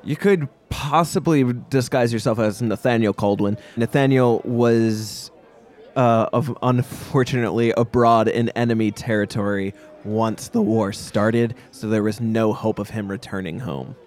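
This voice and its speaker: A man narrating as game master in a tabletop game, halting with many fillers. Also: lowish voice, fairly even intonation, a little mellow.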